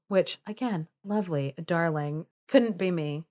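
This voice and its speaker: A young woman co-hosting a podcast, casually retelling a fairy tale with lots of fillers, laughter and animated asides. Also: lowish voice, measured pace. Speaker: podcast co-host.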